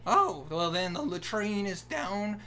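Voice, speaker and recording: A man's voice: sits high, lively intonation, pushed and bright, pitched above the performer's own voice, heavily acted. A man putting on a drawling country guard. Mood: folksy. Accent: exaggerated stereotypical Southern drawl. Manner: drawn-out, hearty, slow folksy speech. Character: folksy country hick guard, adult man.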